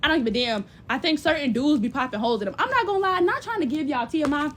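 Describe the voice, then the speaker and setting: A young woman with a high, bright-sounding voice talks straight to her viewers like a big sister, blunt and full of cussing. She is animated and slips into quick impressions of other people. A faint hum sits under her voice. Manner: blunt, profane, sisterly advice-giving. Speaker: livestream host. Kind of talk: casual chat.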